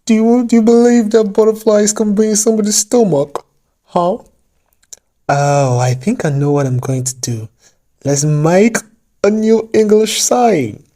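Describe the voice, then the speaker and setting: A man's voice: sits high, unhurried, dark tone, voice pushed up. A man putting on a fake British accent to play a dreamy, lovestruck romantic for a joke.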